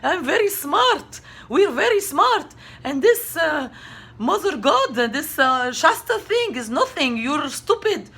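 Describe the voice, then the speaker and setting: A woman putting on a scornful, dismissive woman in a high, sneering voice. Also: very animated, slow, a bit bright, exaggerated voice. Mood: mocking.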